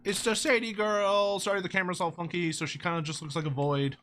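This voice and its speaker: A man chatting casually with his live-stream audience while playing a game, animated and swearing freely. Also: high-pitched, quick pace, slight background noise.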